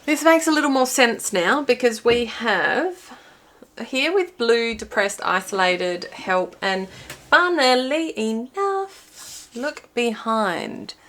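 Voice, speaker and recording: Her voice sits fairly high, a bit bright, and she takes her time, with slight background noise present. This intuitive card reader records herself watching a small screen, chatting through a pick-a-card reading and voicing her thoughts as cards are drawn.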